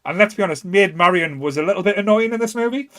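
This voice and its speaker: A man's voice: high-pitched, lively intonation, fast talker, a bit bright. A man with a Northern English accent chatting casually on a podcast, hesitant, with plenty of fillers. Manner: laid-back, hesitant, with many fillers. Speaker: podcast co-host. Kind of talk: casual chat.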